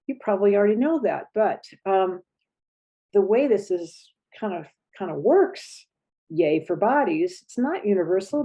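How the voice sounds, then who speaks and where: Soft-spoken woman coach, mellow lo-fi. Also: mid-range voice. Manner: gentle, reflective, acts out feelings with groans. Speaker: relationship coach. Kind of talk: teaching talk to an audience.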